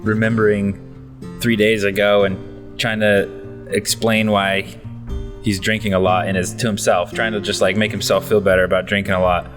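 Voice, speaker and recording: Very deep-voiced man describing his moves. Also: level tone, moderate pace, music in the background. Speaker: player. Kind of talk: narrating his character's actions.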